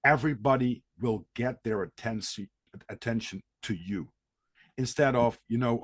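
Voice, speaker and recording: A podcast host with as a talks through his ideas in a relaxed, conversational way. His voice sits mid-range, and it is recorded dry and close. He breaks into playful sound effects to act out his points. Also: medium pitch, normal speed, dry recording. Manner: animated, acts out little scenes with mimicked sounds. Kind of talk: casual conversation.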